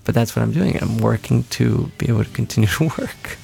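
A man's voice: medium pitch, fairly quick, gravelly, a little mellow. A man being interviewed as a musician, talking in an earnest, rambling way with many restarts and self-corrections. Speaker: musician guest. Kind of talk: casual interview talk.

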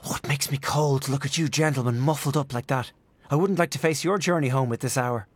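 A man voicing a lively young woman in a storybook reading, bright and teasing. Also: a little high, a little fast, dry recording, pitched above the performer's own voice.

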